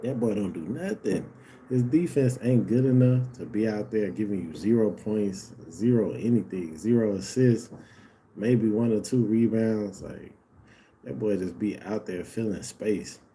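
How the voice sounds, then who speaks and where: A man's voice: on the low side, measured pace, warm tone, slight background noise. A man casually commenting on a live basketball game for his stream viewers, laid-back and slangy, talking straight to them.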